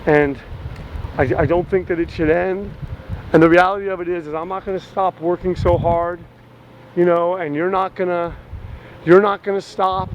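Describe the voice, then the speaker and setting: A man's voice: high voice, fairly even intonation, normal speed, highs cut off, natural voice. An actor playing a dumped young man who rambles and pleads in a video message to his ex, outdoors near traffic. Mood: pleading. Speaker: lead character in a short comedy film. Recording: street noise with passing vehicles.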